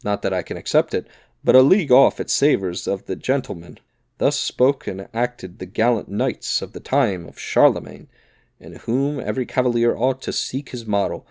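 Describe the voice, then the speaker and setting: A man voicing a proud, gentlemanly musketeer in an audiobook reading, with formal, dry-witted speech. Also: fairly low pitch, lively intonation, moderate pace, no room sound. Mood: courtly.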